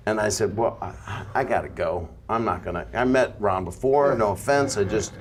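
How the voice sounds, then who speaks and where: A man's voice: fairly low pitch, fairly quick, hardly any pauses, slight background noise. Man telling anecdotes, acting out quotes. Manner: animated storyteller acting out quotes. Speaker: guest comedian.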